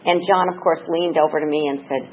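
A woman's voice: low voice, steady tone, a little fast, muffled recording, a little hiss or hum. A woman speaking at a memorial gathering, telling candid, earthy stories and sometimes tearful. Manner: candid, laughing, earthy anecdotes. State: tearful at times. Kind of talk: personal eulogy storytelling.

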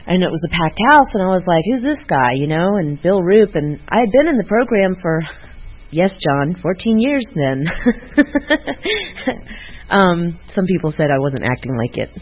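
A woman speaking at a recovery meeting, giving a personal tribute in a halting way, full of fillers and restarts. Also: on the low side, animated, slight background noise. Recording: muffled lo-fi recording.

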